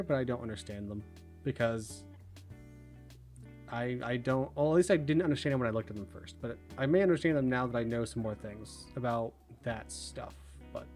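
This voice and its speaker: A man hosting a livestream, chatting casually and rambling, his words running together when he talks fast. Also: medium pitch, a little mellow. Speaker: livestream host.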